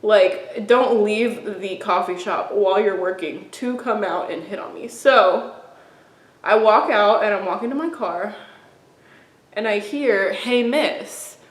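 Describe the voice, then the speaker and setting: A woman's voice: mid-range voice, unhurried. A young woman and beauty vlogger, chatting casually and rambling through stories while doing her makeup, often laughing. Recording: roomy echo.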